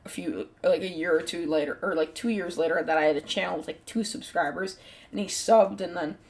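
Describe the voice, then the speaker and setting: A woman's voice: fairly low pitch, steady tone, fairly quick, darkish tone. A woman hosting her own channel, telling a story in a casual, rambling way, full of "like" fillers and the odd swear word. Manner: rambling, heavy use of "like" fillers. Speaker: channel host.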